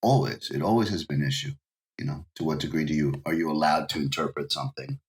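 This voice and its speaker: A man with a very low voice talks through a casual podcast conversation as the guest. He rambles and restarts his sentences, leaning on "you know" to keep going. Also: quick pace. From United States. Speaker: professional game localizer, guest. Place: home in Japan, remote call.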